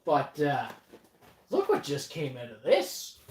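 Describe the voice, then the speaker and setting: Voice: medium pitch, wildly swooping pitch, slow pace, a little mellow. A livestream co-host chatting casually during an unboxing, joking and laughing often in a rambling way. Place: home basement. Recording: echoey room, distant mic, faint noise.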